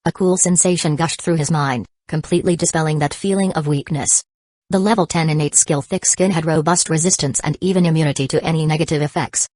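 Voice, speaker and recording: A woman narrating a fantasy novel audiobook in an even, unhurried reading. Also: low-pitched, no room sound. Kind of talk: scripted narration.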